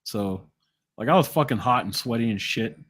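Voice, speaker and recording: A man's voice: mid-range voice, normal speed, a bit bright, breathy edge. A middle-aged man telling stories in casual podcast chat, swearing constantly and restarting his words. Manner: profane, storytelling with lots of cursing.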